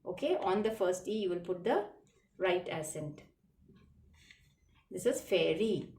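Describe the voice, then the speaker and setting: A woman speaks slowly and patiently, walking children through a lesson and spelling words out letter by letter. Her voice sits back from the microphone in a roomy, echoing space, with a middle pitch. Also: lively intonation, darkish tone, recorded from a distance, slight background noise. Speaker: teacher. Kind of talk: slow classroom lesson explaining French words. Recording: roomy echo, voice from away from the mic.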